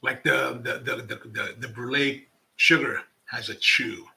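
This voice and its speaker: A man's voice: mid-range voice, steady tone, measured pace, gravelly, sharp tone. A man hosting a coffee channel livestream, chatting casually and reading viewer comments in a rambling way with many restarts. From United States.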